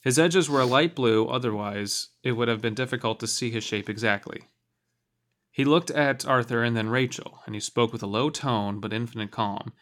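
A man's voice: mid-range voice, normal speed, a bit bright. A man co-hosting a read-aloud show, joking and laughing easily between passages. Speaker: co-host and reader. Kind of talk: casual banter while reading a novel aloud.

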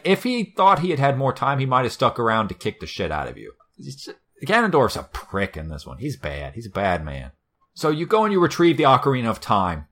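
Brief: low-pitched male host, casual and profane, wry retelling. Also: a bit bright. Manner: swears a lot, wry storytelling. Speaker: podcast co-host. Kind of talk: casual chat.

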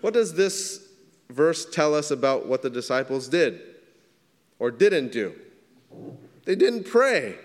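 A man serving as pastor, preaching a sermon in a conversational way that builds to loud, emphatic scripture readings. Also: mid-range voice, animated, a little slow, long pauses. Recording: long hall reverb.

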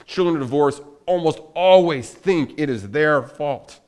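A man's voice: a little high, unhurried, darkish tone. A male pastor preaching a sermon emphatically, with repetition and rhetorical questions.

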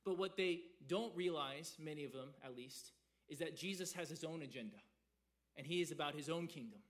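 A man from the South, preaching a sermon in an animated way, acting out quotes and repeating words as he goes. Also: fairly high pitch, fairly quick. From American South. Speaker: pastor.

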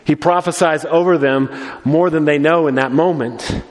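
A male pastor preaching a sermon with animated storytelling and many restarts and repeated words. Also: a little high, normal speed, big-room sound.

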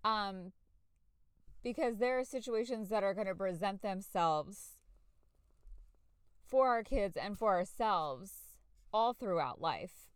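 Candid woman with a smooth voice, dry close mic. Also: mid-range voice, expressive, slow pace, pauses often, no room sound. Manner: candid, searching, with fillers and self-corrections. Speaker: podcast host, parent. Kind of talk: reflective personal podcast monologue.

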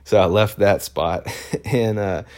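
A man with a very low voice tells a story as a photojournalist, casual and meandering. He stops and restarts often and leans on fillers. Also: slow, darkish tone. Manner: rambling, with many fillers and restarts.

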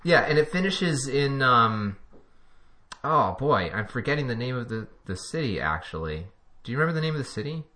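A man's voice: medium pitch, sing-song, moderate pace, bright, forceful tone. A man co-hosting a podcast in casual chat, rambling and chuckling as he talks. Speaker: podcast co-host.

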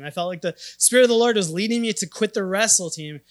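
Man preaching in a church, higher voice, lively emphatic storytelling, from Minnesota. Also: fast talker, hardly any pauses. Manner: animated storytelling, swings to loud and emphatic. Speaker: pastor. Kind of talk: sermon.

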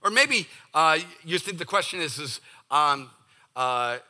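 Lively, bright-voiced man preaching casually. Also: on the high side, measured pace. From Boston area. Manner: animated and jokey, acts out listeners' voices. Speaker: pastor. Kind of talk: conversational sermon.

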